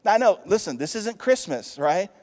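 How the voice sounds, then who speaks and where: A man with a Texas accent, a pastor preaching a lively sermon in a church, swinging from loud calls to hushed asides. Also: high-pitched. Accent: Texan. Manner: lively preaching with big swings in loudness, asides and quick jokes. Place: church sanctuary. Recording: long hall reverb.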